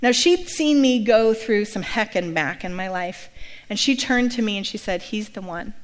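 A middle-aged woman pastor giving a personal testimony, telling stories with lively acted-out quotes. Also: mid-range voice, normal speed, big-room sound. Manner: lively storytelling, acting out quoted voices.

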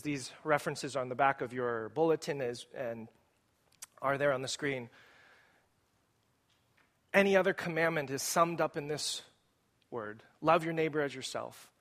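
Male pastor, higher voice, energetic sermon delivery in a church. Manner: animated, rising emphasis, asks the congregation questions. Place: church sanctuary.

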